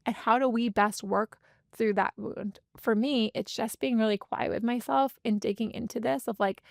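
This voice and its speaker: A woman in her thirties gives a candid, heartfelt podcast monologue. Her voice sits a little high and carries a gravelly fry. The sound is dry and close, with no room in it. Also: fairly even intonation, no echo. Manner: earnest, heartfelt, speeds up and slows down for emphasis. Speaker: podcast host and business coach.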